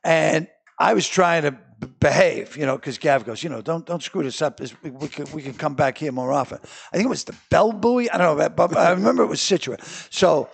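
Boston-accented comedian, male, husky and gravelly, animated rambling storyteller. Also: fairly high pitch, brisk, hardly any pauses. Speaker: comedian guest. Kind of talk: casual storytelling chat.

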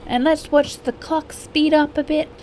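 A woman's voice: high voice, steady tone, unhurried, dark tone, slight background noise. A young woman, chatting casually as she plays a life-simulation game and playfully scolding her characters. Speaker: gaming YouTuber. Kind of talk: casual gameplay commentary.

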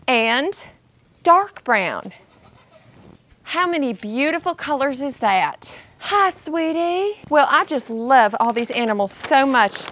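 High, unhurried cheerful woman outdoors. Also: fairly bright tone. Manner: cheerful, sing-song, addresses viewers as "y'all". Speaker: children's show host. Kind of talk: children's educational presenting. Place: outdoors at an animal sanctuary.

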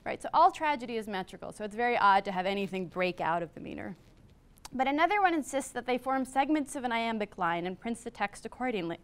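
Clear-voiced woman lecturing. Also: on the high side, expressive. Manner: measured, with brief asides. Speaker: classics professor giving a public lecture. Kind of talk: academic lecture, partly read from a script. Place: lecture hall.

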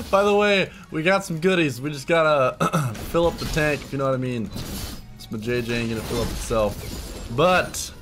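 A young man giving excited, laughing commentary while playing a video game, with loud yelps between mumbled asides. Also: on the high side, unhurried. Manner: hyped, yelling bursts and mumbled asides; laughs often. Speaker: streamer. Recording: game music behind voice. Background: game music.

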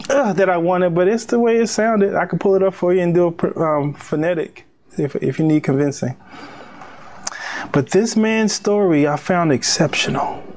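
A man preaching a sermon in a conversational way, with pauses, restarts and drawn-out emphasis. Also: high-pitched, a little mellow, a little hiss or hum. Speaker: pastor.

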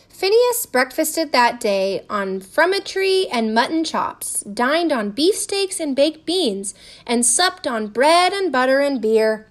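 A woman reading a children's storybook aloud with expressive, animated narration. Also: high-pitched, takes it slowly.

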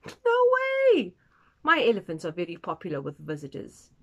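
Exclaiming storybook park manager, indignant, pitch jumping high, as a woman reads him. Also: very animated, measured pace, lo-fi sound, heavily acted.

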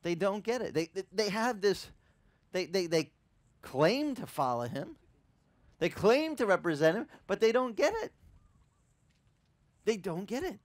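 Lively, animated man preaching. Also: high voice, no room sound. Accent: Hawaiian. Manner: animated, acts out voices and asides to the congregation. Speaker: pastor. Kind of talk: sermon.

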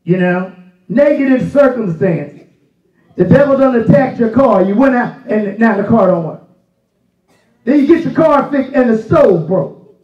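A man with a very high voice preaches a sermon, folksy and plainspoken, rising into shouts for emphasis. He is heard from a distance in a roomy church sanctuary, and the recording sounds a little dull. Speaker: pastor.

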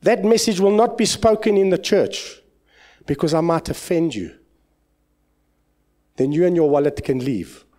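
A man with a South African accent, a pastor preaching an impassioned sermon in church, swinging between loud exclamations and low asides. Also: lively intonation, measured pace, pauses often.

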